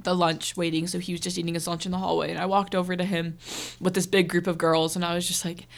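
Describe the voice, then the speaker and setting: A teenage girl hosts a podcast, earnestly sharing a personal story in casual chat and saying "like" a lot. Her voice sits on the low side and sounds gravelly, with a level tone and a fast pace.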